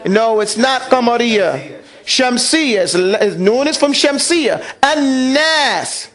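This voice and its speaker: A man teaches a class Quran recitation, asking questions and having the students repeat after him. His voice is very high-pitched and a bit bright, with lively intonation and a slow pace.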